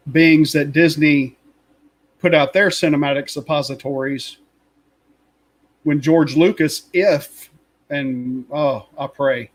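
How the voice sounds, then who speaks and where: A man's voice: on the high side, low-quality recording. A man co-hosting a casual fan chat, rambling and opinionated, with lots of fillers and asides. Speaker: podcast co-host.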